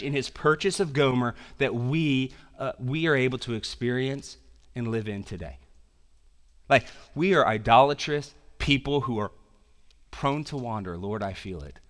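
A man preaching a sermon as pastor. He swings between loud emphatic passages and quiet, intense ones, with casual slang in his asides. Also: fairly high pitch.

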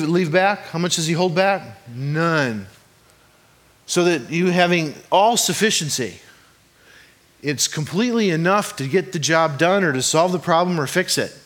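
A man's voice: on the high side, animated, unhurried, pauses often, a bit bright. A man, a pastor, delivering a sermon in a conversational, joking way and often asking the congregation rhetorical questions. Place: church hall before a congregation.

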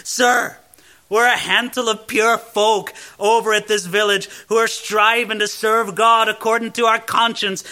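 A man's voice: extremely high pitch, pushed and bright, full character voice. A man reading as a bold, poor, pious village woman. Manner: defiant plea.

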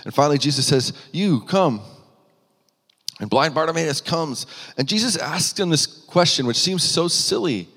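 A man's voice: a little high, expressive, normal speed, fairly bright tone. A man preaching a sermon in an earnest manner, voice rising for emphasis, with frequent restarts. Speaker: pastor. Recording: long hall reverb.

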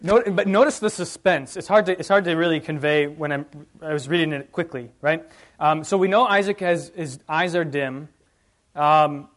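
A man teaching a Bible class, reading passages aloud with emphasis and asking the group questions in a conversational way. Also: a little high.

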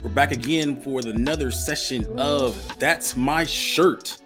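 A man's voice: medium pitch, slow, over music. Upbeat motivational man hosting a podcast. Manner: upbeat, motivational, repeats key phrases for emphasis. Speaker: podcast host and nonprofit founder. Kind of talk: solo podcast monologue.

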